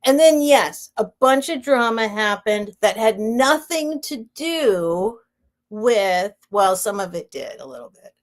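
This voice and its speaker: A woman's voice: mid-range voice, big pitch swings, slow pace. A woman casually chatting on a live stream as she hosts a vintage sale, rambling and laughing as she interrupts herself. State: near tears.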